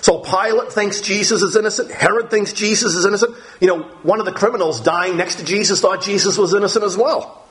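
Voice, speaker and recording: A man's voice: high-pitched, a little fast, few pauses, fairly bright tone. A man preaching a Bible lesson, reading scripture aloud and explaining it as he goes. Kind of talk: Bible teaching.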